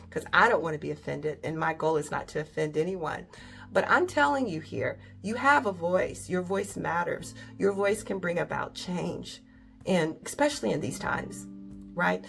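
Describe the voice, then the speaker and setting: A woman's voice: medium pitch, gravelly, a bit bright. A woman hosting a faith-based motivational talk, speaking in a direct, emphatic way and often asking "right?". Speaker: host.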